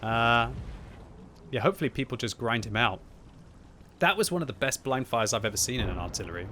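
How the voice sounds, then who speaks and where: A man giving live gameplay commentary at home, thinking aloud and breaking into loud frustrated yelling. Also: mid-range voice, brisk. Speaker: gaming video host. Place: upstairs room at home. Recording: steady game noise behind the voice.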